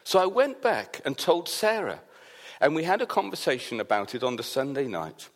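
A Welsh pastor preaches a sermon in a mid-range voice at a moderate pace. He tells a personal story as an animated storyteller, acting out the voices of what other people said.

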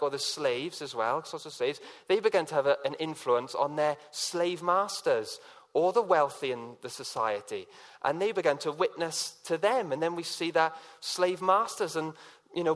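A man preaching a sermon in a conversational way, telling personal stories and acting out quotes with many fillers. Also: a little high.

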